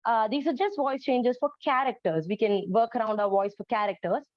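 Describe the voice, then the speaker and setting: Presenting on storytelling for autistic children, a woman speaks a little fast in a slightly high voice. Her explanations are earnest and sprinkled with many ums and uhs. The sound is dull, lo-fi and dry.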